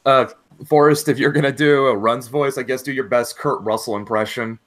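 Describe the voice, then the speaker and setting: A relaxed man running a tabletop game as its game master. He talks loosely and casually and laughs easily between his instructions. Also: medium pitch, a little fast. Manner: laid-back, laughs often, says "all right" a lot.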